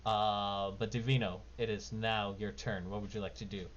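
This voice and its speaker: A man's voice: lowish voice, level tone, moderate pace. A man running a tabletop game as game master, narrating casually and rambling with lots of fillers. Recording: dull lo-fi mic with faint noise.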